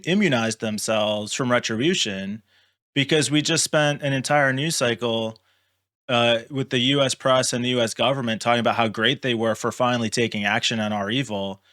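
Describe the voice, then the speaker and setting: A man with a bright, forceful voice co-hosting a podcast at a mid-range pitch. He builds long, analytical arguments in casual conversation. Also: normal speed. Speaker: podcast co-host. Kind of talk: casual chat.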